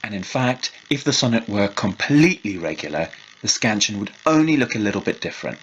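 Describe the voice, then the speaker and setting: Male lecturer, low husky voice, dull lo-fi recording, measured explanations. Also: lively intonation. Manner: measured, explanatory, reads verse slowly.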